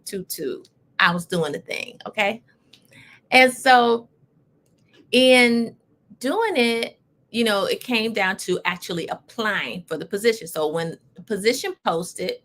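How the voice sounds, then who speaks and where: A woman hosting a casual talk show, telling a personal story in an animated, emphatic way with lively asides. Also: medium pitch, gravelly. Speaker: host.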